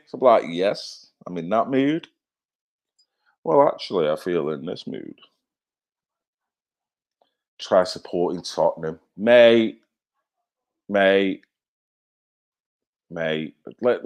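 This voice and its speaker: A man's voice: medium pitch, a little mellow. A man hosting a casual livestream, chatting loosely, swearing freely and greeting viewers by name as he reads their comments. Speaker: livestream host.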